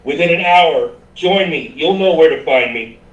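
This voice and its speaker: A zealous tribal holy man booming out a summons, as a player puts him on. The voice is highish and pitched to carry. It sounds distant and echoey in a room. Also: lively intonation, normal speed, natural voice. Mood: proclaiming. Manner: loud, proclaiming. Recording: roomy distant mic.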